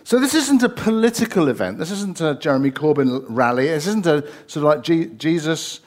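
A man preaching with a somewhat high voice. He keeps it conversational, with fillers and rhetorical questions. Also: lively intonation, brisk. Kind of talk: sermon.

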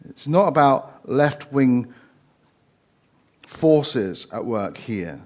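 A man's voice: medium pitch, expressive, very slow, a little mellow. A man preaching a sermon, conversational, with rhetorical questions and frequent fillers.

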